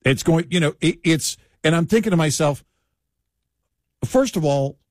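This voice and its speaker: A man's voice: a little high, moderate pace, no room sound, clean studio sound. A man in casual conversation, telling everyday stories with wry asides. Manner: animated storytelling with wry asides. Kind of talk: casual chat.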